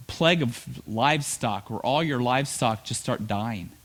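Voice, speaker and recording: A man preaching a sermon as pastor, telling the story with playful asides and quick acted lines. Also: medium pitch, lively intonation, a bit bright.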